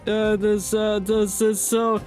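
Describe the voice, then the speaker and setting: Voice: medium pitch, flat delivery, slow pace, a little mellow, soft background music. A game streamer commenting in a joking, chatty way while playing.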